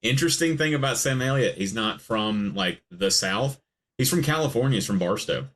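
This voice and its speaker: A man hosts a relaxed movie commentary chat, cracking jokes and laughing often. His pitch swoops lively up and down as he gets excited, in a mid-range voice. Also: normal speed. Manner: animated, laughing, jokey asides. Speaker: podcast host.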